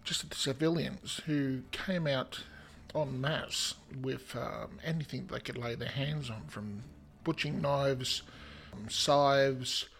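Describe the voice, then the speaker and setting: A man's voice: medium pitch, takes it slowly, vocal fry, a bit bright. An Australian man hosting a history podcast, narrating in a chatty, self-deprecating way with asides. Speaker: podcast host.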